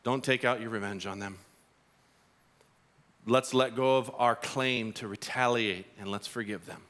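Jesus as a gentle, earnest grown man, quietly asking the Father to forgive his tormentors, as a preacher puts him on mid-sermon. The voice is bright and clear, and it drops soft and low rather than loud. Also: fairly even intonation, unhurried, lightly acted. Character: adult male Jesus, gently pleading for forgiveness.

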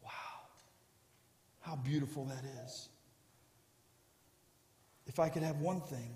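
A middle-aged man preaching a sermon as pastor, emotional and animated as he tells stories. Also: fairly high pitch, slow pace, long pauses. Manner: emotional, storytelling with rising excitement. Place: church sanctuary. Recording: echoey church hall with music. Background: soft guitar music.

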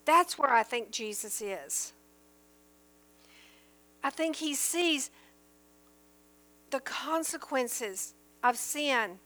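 A woman with a high voice gives an earnest Bible teaching. She talks at an unhurried pace, reading verses aloud and stressing the key points. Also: expressive, pushed and bright. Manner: earnest and emphatic, reads scripture aloud then explains it. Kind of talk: sermon-style Bible teaching.

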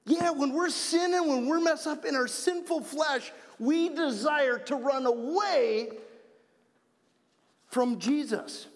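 A man from Wisconsin giving an energetic children's message in church, playful and repeating himself to keep the kids with him. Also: very high voice, takes it slowly. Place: church sanctuary. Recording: long church reverb.

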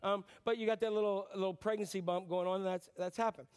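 A man preaching a sermon, animated and talking straight to the congregation with questions and acted-out quotes. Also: sits high, fast talker, clean tone. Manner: animated, acts out quotes, asks audience questions. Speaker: pastor.

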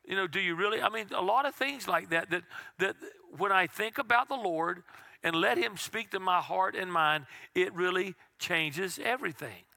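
A pastor preaches in a folksy, conversational way, leaning on rhetorical questions. His voice sits high and rings sharp and bright. The sound is close and dry, with hardly any room around it. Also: lively intonation, moderate pace, gravelly, no room sound. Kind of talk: sermon. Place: church sanctuary.

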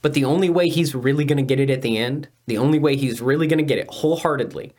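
Measured, teacherly male Bible co-host. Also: mid-range voice, darkish tone. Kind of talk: casual Bible discussion.

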